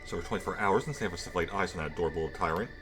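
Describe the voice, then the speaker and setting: Casting note: quick lowish male reader, animated, music underneath. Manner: brisk, wry reading with joking asides. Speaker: game playthrough reader. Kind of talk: reading game dialogue aloud. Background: game music.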